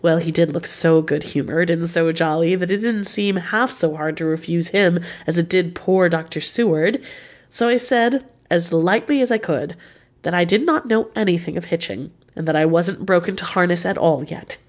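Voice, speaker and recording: A woman reading a novel written as letters aloud, with a lively, confiding, expressive delivery. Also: fairly low pitch, normal speed. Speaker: audiobook reader.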